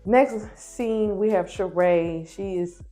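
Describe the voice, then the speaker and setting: A woman casually recapping a reality TV episode, chatty and opinionated, retelling scenes quickly. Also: mid-range voice, dark tone, soft background music.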